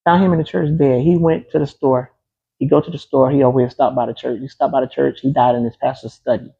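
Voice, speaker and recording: A man's voice: mid-range voice, fairly even intonation, quick pace, creaky, slightly rough, lo-fi sound. A man being interviewed, telling a personal story in a casual, emphatic way, often repeating key phrases. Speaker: interview guest.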